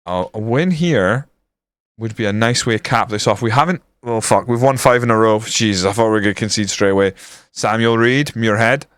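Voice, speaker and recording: A man's voice: fairly low pitch, fairly quick, a bit bright, smooth, no room sound, clean studio sound. A Scottish man streaming a football management game, chatting bluntly with lots of swearing and jokes. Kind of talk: casual gameplay commentary.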